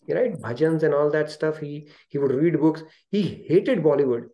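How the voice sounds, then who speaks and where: A man with an Indian English accent hosting an online spiritual study session on a video call, telling a story lively and acting out the quoted speech. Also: on the high side, normal speed.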